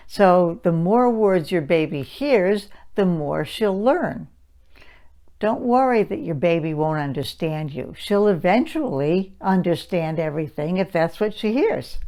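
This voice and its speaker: A woman giving an instructional talk to parents in a calm, patient explaining manner. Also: on the low side. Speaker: language development educator.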